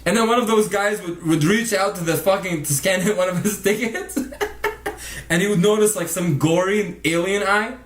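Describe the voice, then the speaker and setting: A man's voice: high voice, moderate pace, reverberant. A man telling a rambling, profane story in casual vlog narration, laughing often. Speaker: vlogger narrating over a speed painting.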